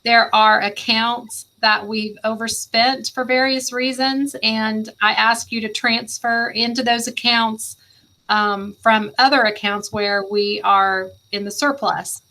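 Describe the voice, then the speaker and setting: A woman's voice: fairly high pitch, fairly even intonation, slow pace, bright, forceful tone, poor audio. A woman presenting finances at a school board meeting in a businesslike way, reading out dollar figures. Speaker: school district finance officer.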